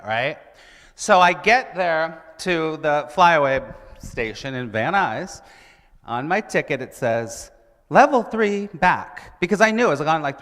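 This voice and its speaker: Animated man speaking in a church hall. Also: a little high. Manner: animated, asks the audience questions. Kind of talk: sermon-style talk with stories. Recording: church hall with long reverb.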